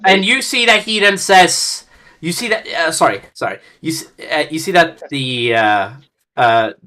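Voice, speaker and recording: A man's voice: a little high, unhurried, bright, forceful tone. A young man narrating as dungeon master, often stumbling over his words and correcting himself. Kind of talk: narrating a tabletop game.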